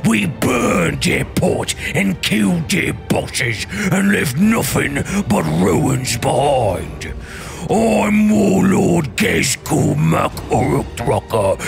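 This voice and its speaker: A man voicing a boastful, bloodthirsty orc warlord with a gravelly growl, over music. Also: a little high, heavily acted.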